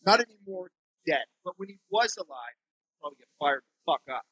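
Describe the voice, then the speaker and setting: A podcast co-host in a temporary studio chats casually, joking, laughing often and swearing freely. His voice is high-pitched, expressive, fairly quick and a bit bright with a breathy edge, and the recording is muffled with no room sound.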